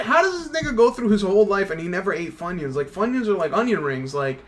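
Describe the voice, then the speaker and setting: A man's voice: sits high, very animated, fast, a bit bright, soft background music. A young man streaming a game from his computer, ranting in a casual, profane, slang-heavy way. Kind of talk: casual gaming stream rant.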